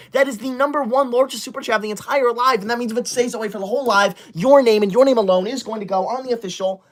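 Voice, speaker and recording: A man in his twenties hosting a livestream, reading chat comments and scolding viewers like a strict teacher. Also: extremely high pitch. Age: 20s. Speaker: livestream host.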